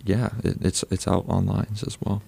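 Deep gravelly young male musician. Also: level tone, normal speed, warm tone. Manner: self-deprecating, wry. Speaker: guest musician. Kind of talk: casual radio interview. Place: college radio studio.

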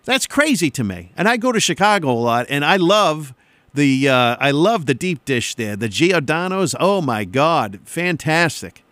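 A man's voice: a little high, big pitch swings, a little slow, fairly bright tone, no echo. Rambling, joking man radio DJ. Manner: joking, rambling, self-mocking. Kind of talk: rambling on-air chat between songs. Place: college radio studio. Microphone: studio mic.

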